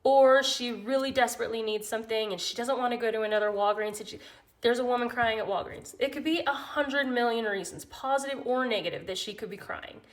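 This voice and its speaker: A woman's voice: fairly high pitch, fairly quick. Woman, chatty storyteller, casual explainer, rabbit keeper talking to viewers. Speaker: rabbit care educator.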